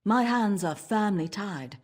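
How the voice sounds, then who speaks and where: An actress voicing a stern dark elf woman who serves as a tower steward in a video game, speaking in a measured, formal way. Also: mid-range voice, lively intonation, husky. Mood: grave. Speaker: game character.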